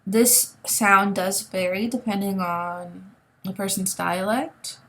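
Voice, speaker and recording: A woman's voice: medium pitch, steady tone, slow, pushed and bright. Woman, language teacher, online video lesson, patient, explanatory, checks in often. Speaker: Spanish teacher.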